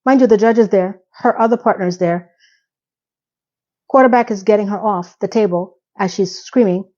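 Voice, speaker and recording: A woman's voice: medium pitch, moderate pace, dark tone, lo-fi sound. A woman casually recapping a TV episode in a chatty, sarcastic, incredulous way. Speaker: TV recap vlogger.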